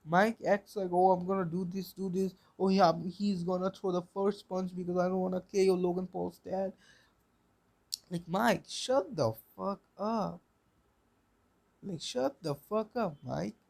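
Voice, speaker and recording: A man's voice: a little high, creaky, darkish tone. A young man hosting a solo podcast, rambling, repeating himself and swearing bluntly. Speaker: podcast host.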